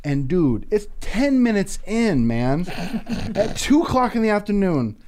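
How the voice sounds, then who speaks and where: High, animated man laughing through stories. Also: unhurried. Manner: animated, laughs often, swears freely; emotional storyteller. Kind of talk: casual comedic banter.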